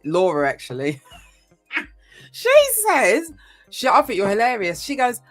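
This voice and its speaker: A woman's voice: mid-range voice, big pitch swings, a little slow, soft background music. A woman giving a casual tarot reading, chatty and rambling, with frequent ums and mild swearing. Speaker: tarot reader.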